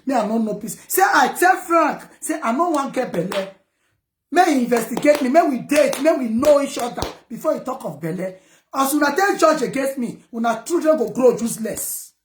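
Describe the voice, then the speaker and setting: A woman's voice: sits high, animated, brisk, darkish tone, echoey room, a little hiss or hum. A Nigerian woman speaking Pidgin English, ranting defiantly at her viewers and scolding her critics. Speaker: vlogger. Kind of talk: heated personal rant to viewers.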